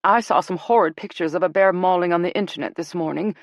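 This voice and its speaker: A woman's voice: on the low side, fast talker, no echo, clean studio sound, voice pushed up, lightly acted. A woman doing a dramatic nosy mother. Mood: fretful.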